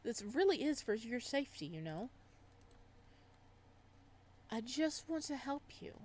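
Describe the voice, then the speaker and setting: A woman takes on an exaggerated voice for a visual novel's possessive male psychiatrist, a soft-spoken character. She sounds high and unhurried, calm but quietly unsettling.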